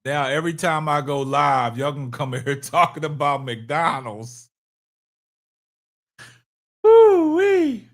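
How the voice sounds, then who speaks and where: A livestream host with a mid-range, bright, forceful voice laughs hard to the point of tears, whooping between casual remarks to his chat. His intonation is fairly even, and he talks at a normal speed with hardly any pauses.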